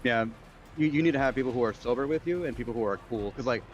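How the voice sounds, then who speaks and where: Ein Mann im lockeren Gespräch während eines Spiele-Streams, der lebhaft erzählt und viel flucht. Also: male voice, medium pitch, fast, dull audio, faint music behind. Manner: animated storyteller, swears often. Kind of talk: casual chat on a game stream.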